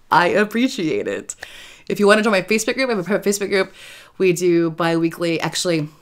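A woman chats loosely to her viewers, wandering from one thought to the next and breaking into little giggles. Her voice sits a touch lower than most women's. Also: lively intonation, a little fast. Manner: rambling and giggly, laughs often between phrases. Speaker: YouTube creator. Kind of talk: casual vlog talk to viewers.

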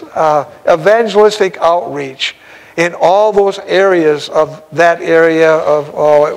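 High-voiced folksy preaching man. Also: vocal fry, poor audio. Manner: folksy, exclamatory, chuckles often. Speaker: evangelist. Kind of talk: sermon storytelling.

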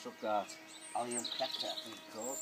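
A man's voice: medium pitch, fairly even intonation, fairly quick, loud music behind the voice. An older man casually talking through his gardening work in an outdoor garden, rambling with plain words and many restarts. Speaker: home gardener. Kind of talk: casual narration while gardening. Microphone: camera held by someone filming. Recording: loud outdoor ambience with birds. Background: birdsong.

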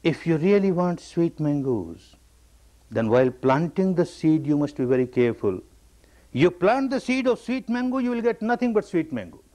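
A man's voice: a little high, mellow. A man, a meditation teacher giving a spiritual discourse. He stresses and repeats key phrases and tells a story with acted quotes.

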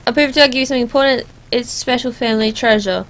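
A woman's voice: a little high, very fast, a bit bright, natural voice, poor audio. Woman voicing a pleading traveler in broken English.

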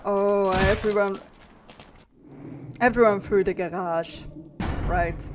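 A woman's voice: mid-range voice, a little slow, creaky, pauses often, background noise. A woman giving casual let's-play commentary, flustered and swearing, chanting "nope" over and over. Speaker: gaming video creator.

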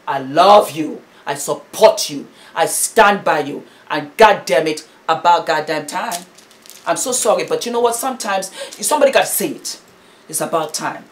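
Impassioned British woman commentator. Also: sits low. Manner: emphatic, preachy, repetitive.

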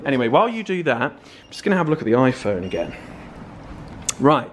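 A young man from England, chatting casually to camera in an excitable, playful vlog. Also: fast, long pauses, background noise. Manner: excitable, playful, swings between loud and low. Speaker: vlogger.

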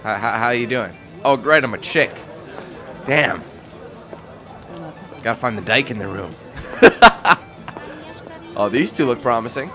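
A man's voice: medium pitch, lively intonation, measured pace, pauses often, bright, forceful tone, faint music behind, some chatter behind. A man giving casual, joking gameplay commentary, laughing and teasing as he plays. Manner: joking, laughing, trolling banter. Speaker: let's play commentator.

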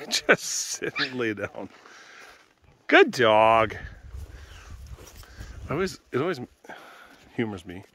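A man vlogging outdoors on a walk with a handheld camera, calling out loudly in a high sing-song and chatting quietly in between. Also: sing-song, unhurried, a little hiss or hum. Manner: calls dogs in a loud high sing-song, chats softly between. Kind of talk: casual vlog commentary.

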